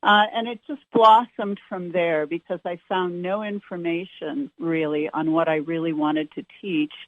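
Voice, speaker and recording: A woman with a New York accent, a ballet teacher guest on a radio interview, eager and quick to agree. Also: on the low side, steady tone, dry recording. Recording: dry, phone-like narrow band.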